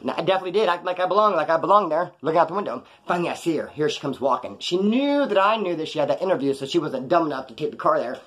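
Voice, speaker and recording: A man tells a story from his past in a loose, slangy ramble, and his voice sits a little high. He talks quickly and jumps between threads. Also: lively intonation, a bit bright. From California, USA. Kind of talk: casual storytelling on a live stream.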